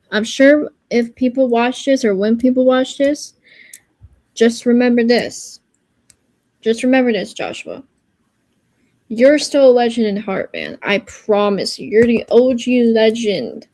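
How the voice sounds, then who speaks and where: A woman's voice: fairly high pitch, a little mellow, no room sound. A woman on a casual livestream giving an earnest, reassuring pep talk, rambling and searching for her words as she goes.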